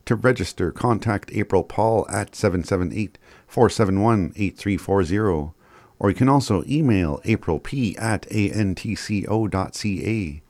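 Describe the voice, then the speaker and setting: A low-voiced man hosts a small community radio show and works through the day's announcements. He keeps it easygoing, chuckles often and trips over the odd word. The studio sound is dry and close. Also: normal speed, a little mellow, no echo.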